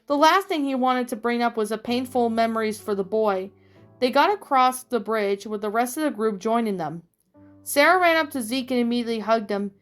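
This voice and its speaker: A woman reads a fan story aloud in a plain, steady narration. Her voice sits fairly high. Faint music plays underneath. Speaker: story reader.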